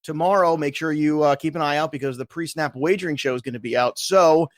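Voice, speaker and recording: A man co-hosting a sports podcast with energetic, playful hype-man delivery. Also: a little high, fast talker, no room sound, clean studio sound. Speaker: podcast co-host. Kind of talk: hyped podcast chat.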